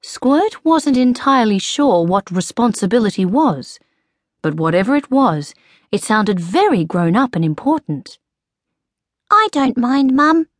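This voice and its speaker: A woman narrating a children's audiobook in a lively storytelling manner. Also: mid-range voice, a little slow, no echo, clean studio sound.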